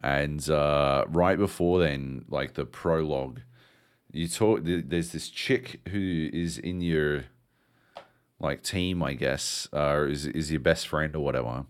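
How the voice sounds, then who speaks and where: A man's voice: very deep voice, takes it slowly, clean tone. A man co-hosting a video game podcast, chatting casually and telling stories with plenty of swearing. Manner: profane, animated storytelling. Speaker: podcast co-host. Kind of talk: casual chat about video games.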